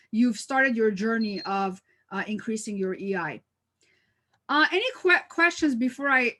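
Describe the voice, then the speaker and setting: A woman with a fairly high voice leads a webinar over a video call. She talks in a loose, conversational way, full of "um" and "uh" and restarted phrases. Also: a bit bright. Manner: conversational, many fillers and restarts, tells personal stories. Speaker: workshop presenter. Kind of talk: live webinar presentation.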